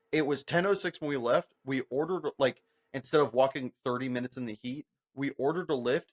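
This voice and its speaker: A young man telling stories on a podcast in a casual, animated way, with heavy swearing, lots of filler words and acted-out voices of the people in his stories. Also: mid-range voice. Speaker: podcast co-host. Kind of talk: casual storytelling chat.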